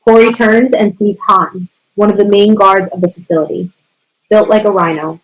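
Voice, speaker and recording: A woman's voice: mid-range voice, steady tone, normal speed, poor audio. A woman steadily reading the stage directions aloud at a screenplay table reading.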